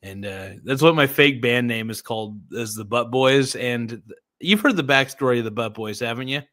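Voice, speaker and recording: A man's voice: medium pitch, moderate pace, a bit bright. A man hosting a podcast in casual chat, laid-back, cursing and calling his guest dude. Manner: laid-back, swears a lot, says dude. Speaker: podcast host.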